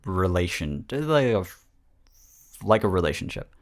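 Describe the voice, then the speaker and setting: A man's voice: sits low, very animated, a little slow. A young man hosting a podcast in casual chat, rambling and self-mocking. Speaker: podcast host. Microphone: podcast microphone.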